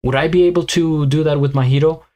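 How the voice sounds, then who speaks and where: A man's voice: on the high side, steady tone, fast, darkish tone. A man hosting a live reaction stream, chatting casually with viewers and thinking aloud with plenty of fillers, his voice tiring as he goes. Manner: rambling, thinks aloud with many fillers and restarts. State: voice tiring and weakening.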